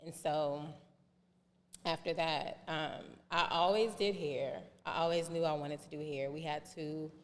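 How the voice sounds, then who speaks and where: A woman's voice: low-pitched, unhurried, big-room sound. A woman in her thirties telling her life story on a podcast, acting out the voices of people she quotes. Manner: animated storyteller who acts out quoted dialogue. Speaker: podcast guest.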